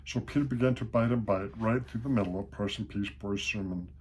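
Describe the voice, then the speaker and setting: An older man reading a children's picture book aloud to his grandchildren, slow and gentle. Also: lowish voice, slight background noise.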